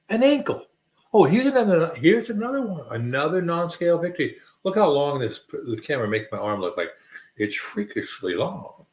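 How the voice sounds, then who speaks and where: A man hosting a casual livestream, telling a rambling, jokey story and mimicking clicking sounds along the way. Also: mid-range voice. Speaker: livestream host.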